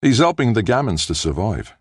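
A man's voice: fairly low pitch, very animated, husky, dry recording, clean studio sound, pitched above the performer's own voice. A man voicing a cheerful, meddling male anthropologist who heads a team, in an audiobook reading. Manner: brisk, cheerful, knowing.

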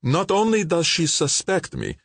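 A man voicing an angry, frightened young henchman who rants in a high, agitated voice. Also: wildly swooping pitch, measured pace, a bit bright, no echo, heavily acted. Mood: furious, fearful. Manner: high-pitched, agitated ranting.

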